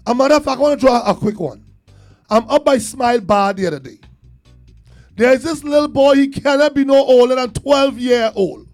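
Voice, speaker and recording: A Trinidadian man tells a long neighborhood story in a high, gravelly voice, jumping up in pitch and volume as he acts out the people in it. Faint music plays underneath. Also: moderate pace. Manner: animated storyteller, acts out quotes, laughs between lines. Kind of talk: storytelling in casual talk.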